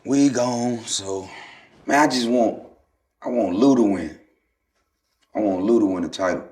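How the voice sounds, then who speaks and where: A man, a former basketball player, telling stories in a relaxed, slangy podcast chat that turns animated. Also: lowish voice, unhurried, husky. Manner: laid-back storytelling, loose slangy speech, animated when retelling.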